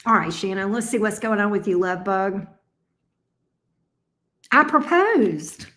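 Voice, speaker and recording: A woman's voice: medium pitch, lively intonation, takes it slowly, a bit bright. A woman reading tarot on a casual livestream, sleepy and affectionate with her viewers. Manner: drawling and affectionate, sleepy, calls viewers love bug and honey. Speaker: tarot reader. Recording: roomy echo.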